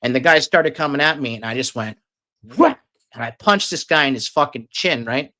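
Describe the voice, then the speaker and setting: A man's voice: medium pitch, fairly quick, sharp tone. A man telling a long, casual story, rambling and swearing heavily with lots of fillers. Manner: profane, rambling, filler-heavy.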